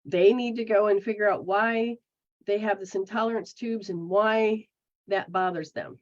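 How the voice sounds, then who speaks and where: A woman giving a casual spiritual teaching talk. She acts out people's inner voices in a lively way. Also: medium pitch, moderate pace. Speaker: metaphysical practitioner. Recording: dull lo-fi recording.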